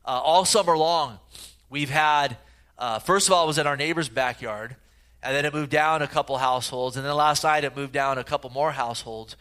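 A man's voice: medium pitch, a little fast, fairly bright tone. A middle-aged man giving a sermon as a pastor, in a conversational, storytelling way with frequent fillers.

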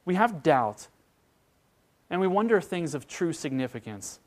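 A man preaching a sermon as pastor, telling a story with animated voices for its characters. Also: medium pitch.

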